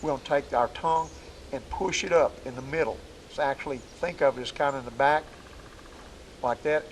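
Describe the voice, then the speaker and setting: A man's voice: medium pitch, fairly quick, slight background noise, poor audio. A man teaching duck calling outdoors in a folksy, plainspoken way. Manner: folksy, plainspoken, demonstrating calls. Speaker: duck call instructor. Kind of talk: outdoor hunting call lesson. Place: woods outdoors.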